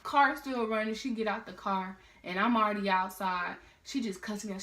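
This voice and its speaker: Teen girl vlogger, animated casual storyteller, mid-range voice in an echoey room. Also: medium pitch, a little fast, few pauses, heavy background noise. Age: teens. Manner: casual, slangy, animated retelling. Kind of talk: storytime vlog. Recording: roomy echo.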